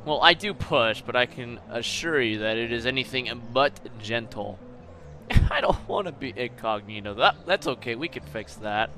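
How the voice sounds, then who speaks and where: A man's voice: mid-range voice, expressive, moderate pace, pushed and bright. A man hosting a gaming channel, commenting casually on his gameplay with crude jokes and swearing. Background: faint game music.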